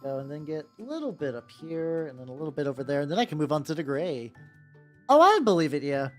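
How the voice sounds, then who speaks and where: A VTuber paints miniatures while chatting casually, rambling, joking, and restarting sentences with plenty of "like"s. The voice sits in the mid range, swings widely in pitch, and moves at a quick clip over soft background music.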